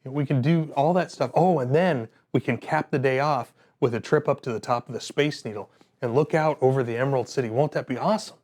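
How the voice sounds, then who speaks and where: A man's voice: medium pitch, fast talker, darkish tone, close to an everyday voice. Upbeat chatty neighbor guy, as the trainer puts him on, offhand and cheerful. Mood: enthusiastic. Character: chatty adult male neighbor, upbeat and tactless.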